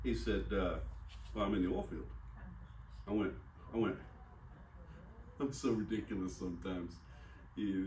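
A man's voice: fairly low pitch, brisk, long pauses, darkish tone, slight background noise. A man preaching a sermon, telling a personal story in a conversational, self-deprecating way and acting out the dialogue. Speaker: pastor. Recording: echoey room, mic at a distance.

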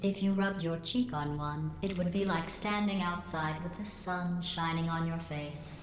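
An actress voicing a sarcastic, passive-aggressive female AI overseer, speaking in a deadpan, mock-cheerful tone through a synthetic computer filter. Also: fairly low pitch, measured pace. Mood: dry sarcastic. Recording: echoey game audio with loud background noise.

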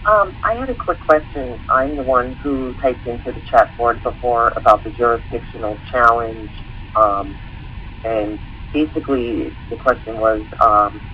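Hesitant caller on a dull phone line. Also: male voice, fairly low pitch, a little hiss or hum. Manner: hesitant, many ums. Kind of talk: asking a question on a call-in show.

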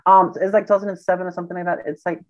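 A man's voice: high-pitched, racing. Sassy male guest, dull lo-fi sound. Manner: excitable, sassy storytelling. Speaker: podcast guest. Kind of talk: casual chat.

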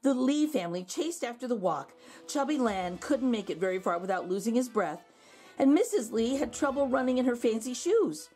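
Woman storyteller, animated, husky, soft music under. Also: a little high, moderate pace. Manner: expressive storytelling with gentle asides. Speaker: teacher reading aloud. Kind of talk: children's picture book read-aloud.

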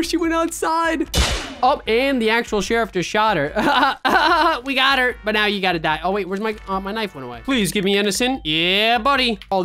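A young man giving casual, excitable Roblox gameplay commentary, chatty and slangy, breaking into sudden shouts. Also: sits high. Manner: casual slangy chatter, keeps saying bro. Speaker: gaming YouTuber.

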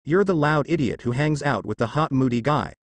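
A man voicing a blunt, sharp-tongued teenage girl ninja, snappy and loud. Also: medium pitch, animated, brisk, no echo, close to an everyday voice.

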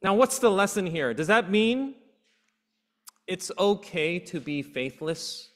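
Pastor preaching in an echoing church. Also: male voice, high voice, sing-song, slow pace, a bit bright. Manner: earnest preaching with rhetorical questions. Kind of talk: sermon. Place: church sanctuary. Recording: long hall reverb in a church.

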